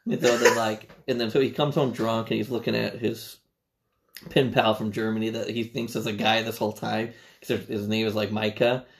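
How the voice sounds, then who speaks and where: A man's voice: fairly low pitch, level tone, moderate pace, vocal fry. A man co-hosting a casual podcast chat, retelling scenes in a rambling, profane way with many restarts. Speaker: podcast co-host.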